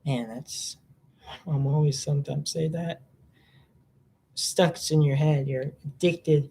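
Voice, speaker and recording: A vlogger talking in a casual, rambling monologue, hopping between topics, the voice jumping up in pitch when excited. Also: slow, creaky, pauses often, husky. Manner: mimics other people in silly voices.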